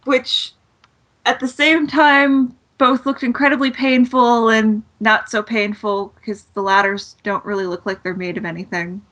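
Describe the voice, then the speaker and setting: Bright sarcastic woman co-host. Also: on the high side, fairly even intonation, unhurried, lo-fi sound. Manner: blunt, sarcastic, swears freely. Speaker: podcast co-host. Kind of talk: casual chat recapping wrestling.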